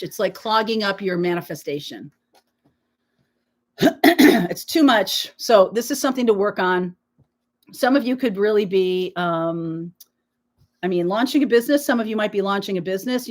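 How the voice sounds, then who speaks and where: A woman's voice: medium pitch, lively intonation, normal speed. A woman hosting a live tarot reading, talking to her viewers in a reassuring, emphatic way while nursing a sore throat. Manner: reassuring, emphatic, peppered with "okay?". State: sore throat, frequent throat-clearing. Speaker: tarot reader, live stream host.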